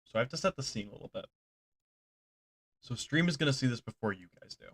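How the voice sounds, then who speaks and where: A male game master narrates a tabletop session in a relaxed, chatty way. He pauses on fillers, stumbles and restarts now and then, and laughs often. His voice sits at a middle pitch for a man. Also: slightly rough.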